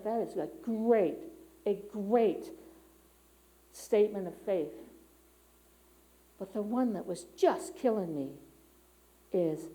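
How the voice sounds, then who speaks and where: Speaking slowly and pausing often, a middle-aged woman gives a frank, personal sermon from a church sanctuary, her talk marked by frequent fillers and restarts. Her medium-pitched voice is expressive with a dark tone, and the audio is poor.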